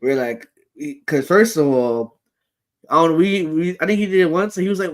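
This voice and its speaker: Male co-host, slightly high voice, animated and profane, casual sports talk. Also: normal speed. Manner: animated storytelling, swears, acts out reactions.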